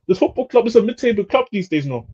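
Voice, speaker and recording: A man's voice: sits high, very animated, fast talker, dark tone, husky, lo-fi sound. A young man, chatting casually as a podcast co-host, laughing often and repeating himself. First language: German. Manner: laughs a lot, repeats "bro". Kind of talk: casual banter.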